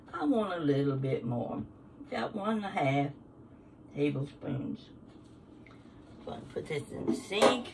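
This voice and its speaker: Unhurried grandmotherly woman, off-mic. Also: low-pitched, recorded from a distance, a little hiss or hum. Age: older. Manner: chatty, homespun, talks while working. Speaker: cooking show host. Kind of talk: casual cooking demonstration. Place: home kitchen. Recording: kitchen sounds, voice somewhat off-mic. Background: clinking dishes and utensils.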